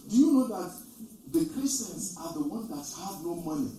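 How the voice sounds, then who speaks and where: A man preaches, his fairly high voice swelling to loud emphasis as he repeats his main points. He is recorded from a distance, and heavy echo fills the large hall around him. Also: moderate pace. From Nigeria. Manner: animated storytelling preacher, repeats key lines, rises to loud emphasis. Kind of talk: sermon. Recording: echoey, distant from the mic.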